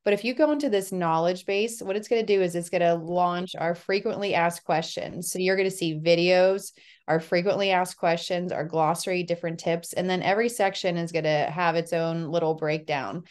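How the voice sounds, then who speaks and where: A woman presenting a software demo in a friendly, explanatory way. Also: on the low side, fairly quick. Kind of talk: screen-share tutorial.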